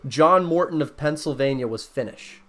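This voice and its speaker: A man's voice: fairly high pitch, normal speed, fairly bright tone. A man hosting a casual conversation, explaining and reading out facts with many fillers and restarts.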